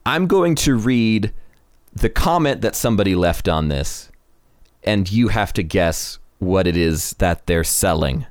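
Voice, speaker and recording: A man's voice: sits low, expressive, unhurried, dry recording, studio quality. Laughing man reading posts aloud. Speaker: podcast host. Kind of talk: casual chat.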